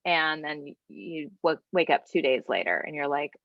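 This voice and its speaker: A woman's voice: low voice, lively intonation, normal speed, gravelly, dry recording, lo-fi sound. A woman podcast host asking hesitant follow-up questions of her guest. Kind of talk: interviewing.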